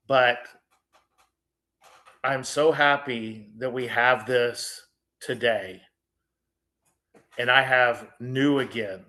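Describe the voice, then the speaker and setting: Bright-voiced middle-aged man telling stories. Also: mid-range voice. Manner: animated, jokey, shifts between quick asides and slow reflective lines. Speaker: storyteller on a faith show. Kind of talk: casual personal storytelling. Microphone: video call.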